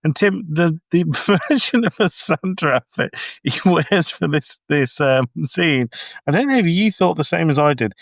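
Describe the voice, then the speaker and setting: A man's voice: fairly high pitch, lively intonation, normal speed, vocal fry, no echo, clean studio sound. A man co-hosting a podcast, ranting in exasperation about a film and swearing often in casual chat. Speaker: podcast co-host.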